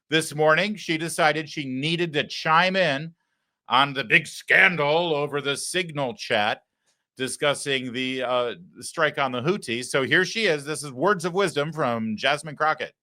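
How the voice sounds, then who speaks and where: A man's voice: a little high, a little slow, sharp tone. A man hosting a political talk show, delivering mocking commentary with wry asides.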